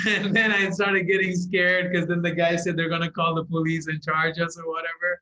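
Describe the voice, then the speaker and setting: A young man as a podcast guest, telling stories in animated casual chat and laughing often. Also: a little high, brisk, low-quality recording. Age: young adult.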